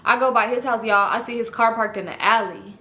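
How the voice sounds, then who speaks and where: Young woman, rapid storytime delivery, bright edgy tone. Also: fairly high pitch. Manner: animated, acts out both sides of conversations, swears freely. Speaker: storytime vlogger. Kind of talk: casual storytelling.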